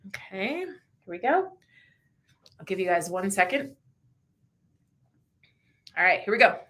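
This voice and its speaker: A woman hosting a casual livestream, chatty and quick to laugh, who answers viewer questions and reads passages aloud to show how to narrate. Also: medium pitch, big pitch swings, bright, forceful tone. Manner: chatty, laughs often, demonstrates slow audiobook reading. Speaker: livestream host.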